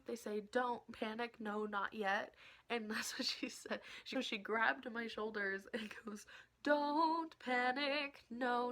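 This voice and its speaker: A young woman telling an excited story in a casual vlog, laughing often and dropping into whispers. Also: a little high, slight background noise. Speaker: vlogger.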